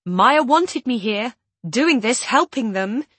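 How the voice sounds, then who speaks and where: A woman's voice: fairly high pitch, expressive, slow pace, a bit bright, husky, dry recording, pitched above the performer's own voice, heavily acted. Woman voicing an insistent, exasperated female friend. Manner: pressing, exasperated. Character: insistent adult woman friend pressing for answers.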